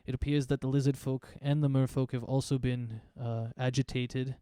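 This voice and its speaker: A man's voice: mid-range voice, little pitch movement, normal speed, dark tone, clear, resonant tone, dry recording, close to an everyday voice. A man voicing a dutiful, deferential imperial soldier. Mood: formal. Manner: formal, deferential. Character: dutiful male soldier of the Empire. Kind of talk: tabletop role-play voicing.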